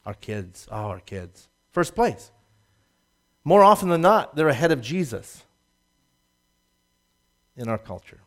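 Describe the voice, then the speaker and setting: A man preaching a sermon, swinging from loud emphatic rises to low asides and laughing at his own jokes. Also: sing-song, slow pace, long pauses. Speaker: pastor.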